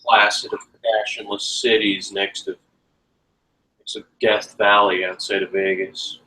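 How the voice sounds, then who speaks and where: A man's voice: fairly low pitch, little pitch movement, a little slow, bright, forceful tone, rough recording. A man hosting a casual chat show, rambling and joking, sometimes breaking into sarcastic rants. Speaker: podcast host.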